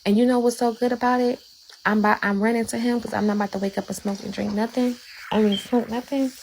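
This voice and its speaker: Gravelly woman preaching on a livestream. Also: a little high, steady tone, fast talker, a little mellow, slight background noise, rough recording. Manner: fervent, repetitive, talks straight to viewers. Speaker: livestreamer sharing faith testimony. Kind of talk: livestream faith testimony, preachy.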